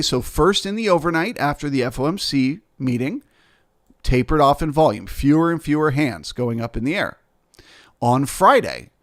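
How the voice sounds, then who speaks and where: A man teaching as a futures trader, explaining the market through rhetorical questions and frequent "right?" and "okay?" check-ins. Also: mid-range voice. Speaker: futures trader and trading educator.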